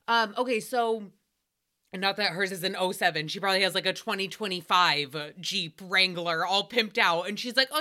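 A woman's voice: medium pitch, sharp tone. A young adult woman hosting a casual recap podcast, chatty and self-mocking, with frequent swearing. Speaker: podcast host.

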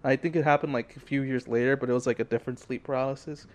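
Young man, podcast co-host, casual chat, animated storytelling, lots of fillers. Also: mid-range voice, very fast.

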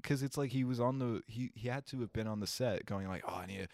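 A young man from Kentucky co-hosting a podcast in casual chat, rambling and animated, laughing often. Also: medium pitch, brisk, dry recording, clean studio sound. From Kentucky, United States. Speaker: podcast co-host.

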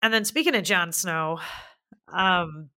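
Co-hosting a casual movie review chat, a woman talks loosely and fills her sentences with "like." Her voice sits on the low side, slow in pace, with a pushed, bright quality.

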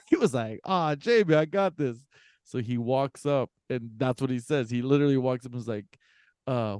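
A man's voice: mid-range voice, lively intonation, normal speed, darkish tone, dry recording, studio quality. A man hosting a podcast in casual chat, telling a story loosely and laughing often between words. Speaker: podcast host.

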